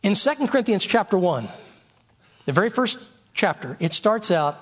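A male pastor preaching a sermon, his voice pitched notably high for a man. He stresses his main points emphatically and circles back to repeat them. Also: big pitch swings, moderate pace. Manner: emphatic, repeats key phrases.

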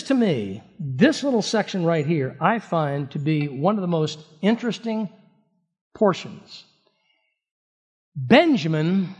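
A pastor preaching a sermon in an animated way, often repeating words and restarting. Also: male voice, high voice, breathy edge, muffled recording.

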